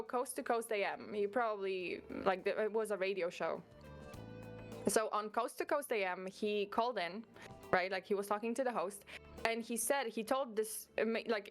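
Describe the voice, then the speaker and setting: A woman guest chatting casually in an interview, rambling, correcting herself and giggling often. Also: medium pitch. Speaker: guest VTuber who covers mystery cases.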